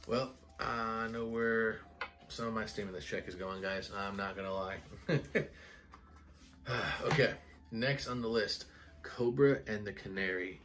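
A man casually reviewing perfumes in a vlog, excitable and rambling, full of "like" and "guys". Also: lowish voice, unhurried. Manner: excitable, enthusiastic, rambling with many "like"s. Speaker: fragrance reviewer.

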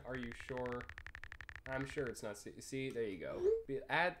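A man's voice: mid-range voice, moderate pace, a bit bright. Laid-back swearing young man gaming. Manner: laid-back, swears freely, reads choices aloud. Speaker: gaming YouTuber. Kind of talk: casual game commentary.

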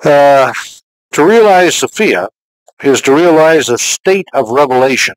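An older man giving a recorded teaching message as a pastor, talking in a fatherly, conversational way and reading scripture slowly. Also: a little high, expressive, no room sound, low-quality recording.

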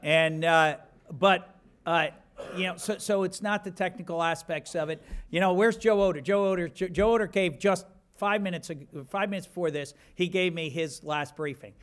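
A man's voice: high voice, normal speed, a bit bright. A man in his fifties giving a rambling, self-deprecating acceptance speech with many restarts.

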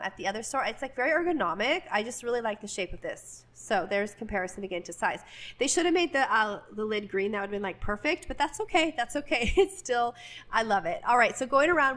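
A woman's voice: mid-range voice, a bit bright. Gushing woman vlogger in a store. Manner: chatty and gushing, with fillers. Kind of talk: casual store walk-through.

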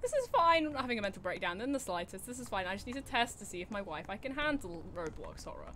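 A woman's voice: mid-range voice, big pitch swings, fast talker, bright, forceful tone, slight background noise. A young woman streaming a horror game from her desk at home, chattering anxiously, mocking herself and breaking into sudden screams. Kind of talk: live game commentary.

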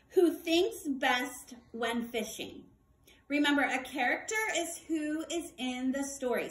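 A woman guides young children through a workbook lesson at a gentle, deliberate pace. Her voice sits high, and she coaxes them to repeat each word back to her. The room around her rings with echo. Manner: slow, clear, sing-song teacher talk with call-and-response prompts. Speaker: kindergarten teacher.

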